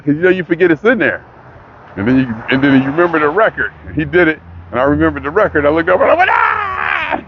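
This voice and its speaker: An older man, rambling in a casual monologue that builds into excitement. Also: mid-range voice, lo-fi sound, background noise. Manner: rambling, talks himself into excitement. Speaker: vlogger.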